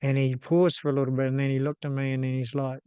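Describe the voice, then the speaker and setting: NZ man in his 50s, host telling a personal story, steady flat delivery, lots of ums, dry close sound. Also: medium pitch, clear, resonant tone, dry recording, highs cut off. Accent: New Zealand. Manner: casual and unhurried, with frequent ums and restarts.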